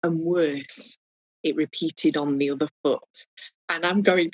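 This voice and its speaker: Animated woman telling stories. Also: deep voice, takes it slowly, husky, no room sound, low-quality recording. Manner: animated, humorous, acts out voices in anecdotes. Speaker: guest foot reader. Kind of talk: casual storytelling interview.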